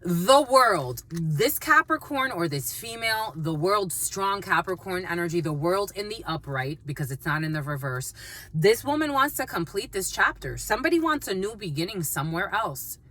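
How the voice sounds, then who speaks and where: A woman's voice: lowish voice, big pitch swings, normal speed, sharp tone. Blunt, emphatic woman reading tarot. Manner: blunt and emphatic, swears freely, repeats phrases. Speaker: tarot reader. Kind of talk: channeled tarot reading to camera.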